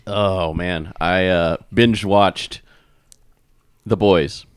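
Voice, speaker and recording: A man co-hosting a casual podcast, a bit nasal, telling stories in a quick animated way. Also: sits low, smooth, no echo. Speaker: podcast co-host.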